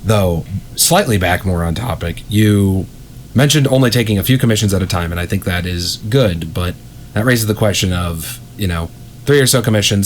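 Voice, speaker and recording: A man's voice: low voice, brisk, slight background noise. A man hosting a casual podcast, friendly and a bit wordy as he talks with his guest. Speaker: podcast host.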